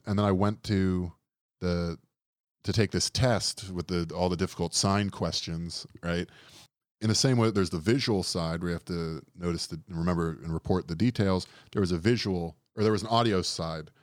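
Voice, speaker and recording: A man's voice: low voice, normal speed, no room sound, studio quality. A young man from New Orleans telling stories in a casual chat, wry and rambling, often laughing at his own tales.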